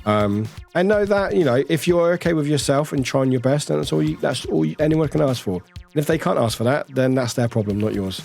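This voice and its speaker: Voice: medium pitch, gravelly, faint music behind. A streamer chatting casually with viewers, reading out chat and greeting people, with a lingering cough. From United Kingdom. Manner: chatty, rambling, warm toward chat, quick laughs.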